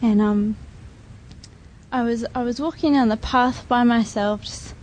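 A woman tells a small group a gentle personal story. Her voice is high and mellow, and she pauses often with fillers as she gathers her thoughts. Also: fairly even intonation, poor audio. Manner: halting, with many fillers, soft and reflective. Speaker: group member sharing a testimony.

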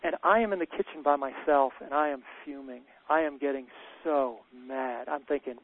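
Through a dry, tinny, phone-like recording with no echo, a man who leads men's retreats tells a candid personal story in conversation. He's earnest, with a mid-range voice at normal speed and few pauses, though he often stammers and starts over.

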